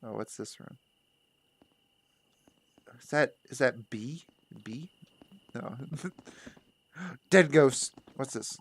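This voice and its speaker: Slow, joking game player. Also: medium pitch, vocal fry. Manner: joking, reads in-game lines aloud. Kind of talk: casual let's-play commentary.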